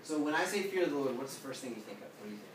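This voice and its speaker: A pastor teaches a small Bible group casually and rapid-fire in a mid-range voice, animatedly questioning the room and acting out quotes with big vocal shifts. The mic sits at a distance in an echoey room, with background noise.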